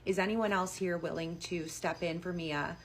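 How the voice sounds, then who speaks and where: Woman doing an old cult leader lady, soft, welcoming, lowish voice. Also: steady tone, moderate pace, a little hiss or hum, close to an everyday voice. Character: older gray-haired woman leading a cult.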